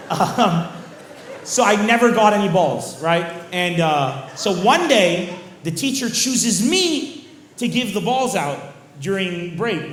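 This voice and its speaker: A male stand-up comedian answering audience questions after a show, telling crude stories in an animated, shouty way on a stage mic. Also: sits high. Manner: animated, shouty storytelling with bursts of crude jokes. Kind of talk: post-show Q&A banter. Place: live venue stage with audience. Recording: roomy venue with faint crowd noise.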